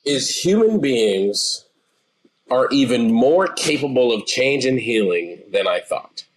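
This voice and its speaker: A man in his forties, a therapist guest, explaining things in a calm, assured way. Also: mid-range voice, slow. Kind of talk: interview answers.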